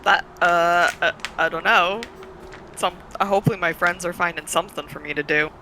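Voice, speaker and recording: Bright-voiced playful player. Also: mid-range voice, steady tone, slight background noise, low-quality recording. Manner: playful, quick replies. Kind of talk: casual chat in a tabletop game.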